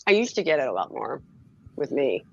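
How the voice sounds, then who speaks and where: A woman's voice: very deep voice, brisk, creaky, highs cut off, slight background noise. A woman from Philadelphia with a faint Philly accent, chatting casually and telling stories with laughs mixed in. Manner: animated storyteller, laughs between lines. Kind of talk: casual chat.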